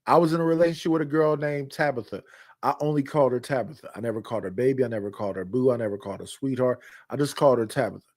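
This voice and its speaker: A man's voice: medium pitch, very fast, a little mellow. A man in his fifties, a podcast host, telling personal stories in blunt, candid casual chat with repetitive phrasing. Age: 50s.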